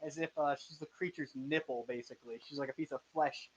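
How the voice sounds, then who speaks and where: A man's voice: on the high side, steady tone, fast talker, slight background noise. A young man with a slightly raised voice narrates a tabletop game over a voice chat. He keeps it loose and jokey, tripping over his words now and then. The sound is dull and lo-fi. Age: 20s. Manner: casual, joking, stumbling over words. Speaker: game master.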